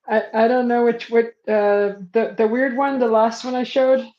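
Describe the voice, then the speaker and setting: A woman's voice: fairly high pitch, steady tone, normal speed, echoey room, dull audio. A woman hosting a casual art livestream, hesitant and self-deprecating, chuckling often.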